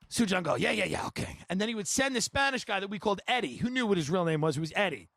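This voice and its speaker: A man hosting a podcast, telling comedic stories in an animated, rambling way and laughing between lines. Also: sits high, fast, no room sound. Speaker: podcast host. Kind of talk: comedic storytelling.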